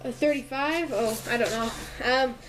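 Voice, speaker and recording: Female player, hesitant, slightly high voice. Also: normal speed, low-quality recording. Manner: hesitant, lots of ums and likes. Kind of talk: casual tabletop play.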